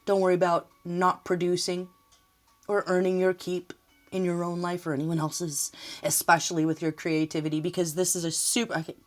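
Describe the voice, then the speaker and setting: A woman's voice: on the low side, little pitch movement, a little fast. Woman doing a chatty tarot reading, gets emotional, laughs a lot, bit of faint music behind. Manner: chatty, emotional, rambling, laughs often and apologizes for talking. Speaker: tarot reader. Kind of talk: casual spoken tarot reading.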